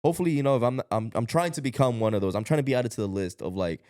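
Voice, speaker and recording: A man from Ecuador co-hosting a podcast, talking fast in a rambling, animated way with plenty of slang. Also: medium pitch, no room sound, studio quality. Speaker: podcast co-host. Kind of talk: casual podcast chat.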